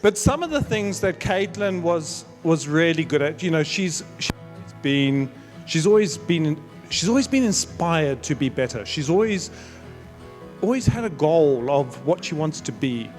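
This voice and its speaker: A middle-aged man giving a sentimental, halting wedding speech as father of the bride. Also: on the high side, big pitch swings, darkish tone, soft background music. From South Africa. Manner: sentimental, storytelling with halting restarts. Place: wedding reception.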